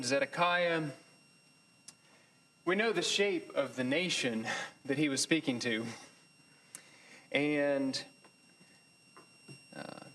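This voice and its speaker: A man teaching a Bible class in a thoughtful, halting way, with many pauses, fillers and restarts. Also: fairly high pitch, fairly bright tone, slight background noise, rough recording. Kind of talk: lecture.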